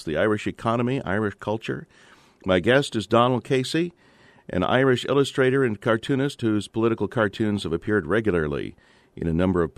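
A man with a low voice hosting a public radio call-in show, recorded close and dry in a studio. He speaks in a relaxed way, with plenty of fillers and restarts as he reads out station details and introduces his guest and callers. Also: no room sound. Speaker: radio talk show host.

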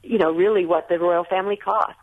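A woman's voice: fairly low pitch, fairly even intonation, fairly quick. An American woman in her forties, a guest author talking on a radio call-in show, chatty and prone to restarting her sentences. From United States. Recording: tinny phone line.

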